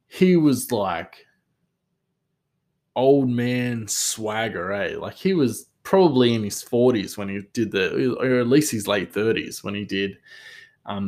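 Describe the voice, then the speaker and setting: A man hosting a solo talk show, rambling casually with many fillers and restarts. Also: fairly low pitch. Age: adult father. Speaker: podcast host.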